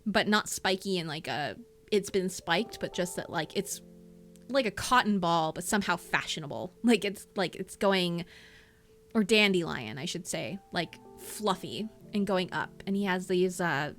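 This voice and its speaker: A woman's voice: fairly low pitch, animated, a little slow, fairly bright tone, faint music behind. Rambling woman narrating a game. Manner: rambling, descriptive, many fillers. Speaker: game master.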